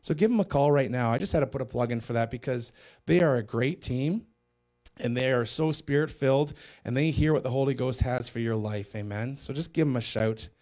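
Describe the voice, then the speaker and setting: A man's voice: medium pitch, brisk, darkish tone. Earnest man giving a casual sermon. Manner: earnest and conversational, with many restarts. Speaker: Christian TV co-host. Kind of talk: sermon-style teaching.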